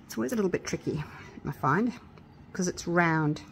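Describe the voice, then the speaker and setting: Excitable chatty woman crafter. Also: fairly low pitch, normal speed, vocal fry, slight background noise. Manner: chatty and excitable, gushes with delight. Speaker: craft vlogger. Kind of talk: casual crafting tutorial chat.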